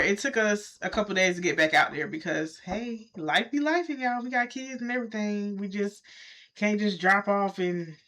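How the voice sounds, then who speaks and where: A woman, casually telling her viewers a story from her own life, talking straight to them and jumping up in pitch when she quotes people. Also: a little hiss or hum. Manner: animated, talks straight to viewers, jumps high when quoting. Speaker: vlogger.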